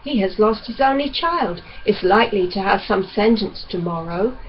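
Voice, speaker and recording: A calm young doctor, voiced by a woman reader, talks in a measured, reasonable tone, coaxing rather than pushing. The mid-range voice comes through a dull recording with faint hiss behind it. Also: medium pitch, close to an everyday voice.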